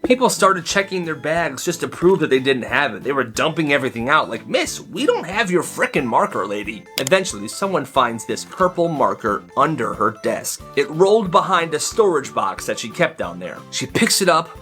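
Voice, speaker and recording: A man's voice: on the high side, big pitch swings, normal speed, hardly any pauses, sharp tone. A young man telling stories casually in a chatty, sarcastic way, mocking the people in them. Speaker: storyteller. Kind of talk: casual storytime narration. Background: faint music.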